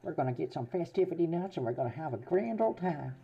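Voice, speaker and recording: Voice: mid-range voice, expressive, rapid-fire, vocal fry, breathy edge, highs cut off, pitched above the performer's own voice. A streamer putting on a hearty, folksy drawling greeter voice, drawn out and sing-song, on a casual stream. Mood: jolly. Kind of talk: jokey put-on accent on an ASMR stream.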